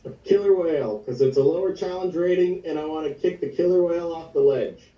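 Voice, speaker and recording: A man's voice: a little high, brisk. A man playing in a tabletop game, eagerly laying out his plans at length. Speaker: player. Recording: dull, roomy, distant mic.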